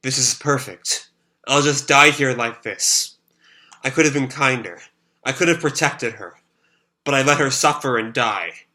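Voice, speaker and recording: A man's voice: mid-range voice, a little slow, bright, forceful tone. A man voicing a grief-stricken young man. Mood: despairing. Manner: raises his voice and pleads when reading emotional lines. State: sore throat.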